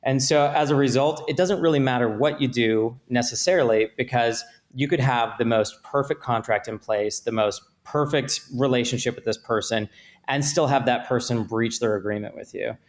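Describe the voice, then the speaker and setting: A man, an attorney guest on a podcast, explaining contracts and liability with measured, example-driven talk. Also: medium pitch. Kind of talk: podcast interview.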